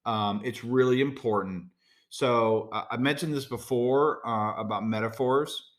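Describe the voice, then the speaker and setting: This solo podcast host is a middle-aged man from the United States who chats in a direct, conversational way, full of fillers and side remarks. He speaks a little slowly at medium pitch.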